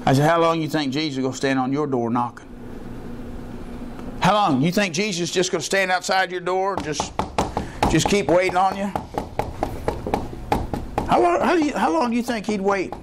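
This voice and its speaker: A man preaching a sermon as pastor, folksy, acting out the voices in his stories and rising to shouts. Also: high voice, moderate pace, pauses often, heavy background noise. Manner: folksy storytelling, acts out voices; rises to shouts when fired up. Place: church.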